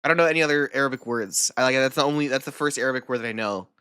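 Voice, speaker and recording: A woman's voice: rumbling low, rapid-fire, fairly bright tone, clean tone, dry recording, clean studio sound. A woman streamer chatting casually while reacting to videos, swearing a lot, laughing and repeating words over and over.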